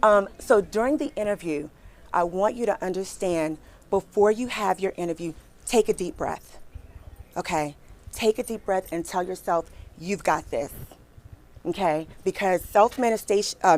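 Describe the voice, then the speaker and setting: Fast-talking, animated woman recruiter. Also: medium pitch. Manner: fast-talking, animated, chatty, asks the audience questions. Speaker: recruiter giving a career workshop. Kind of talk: lively workshop talk to an audience.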